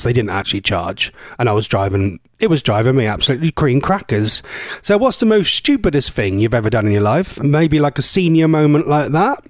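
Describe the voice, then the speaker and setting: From a radio studio, an English man hosts a live local show, chatting casually and rambling with self-mocking asides. His medium-pitched voice is captured on a studio mic with studio quality and no echo.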